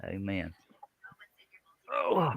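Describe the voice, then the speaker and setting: A man's voice: on the low side, huge pitch swings, very slow, gravelly, a bit bright, no room sound. A man hosting a casual woodworking live stream, joking and bantering in a folksy way.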